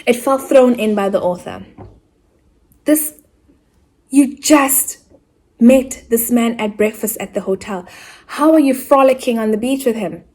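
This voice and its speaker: A woman from Africa giving a casual, animated book review, with laughing asides, mock outrage and characters' lines acted out in quick asides. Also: medium pitch.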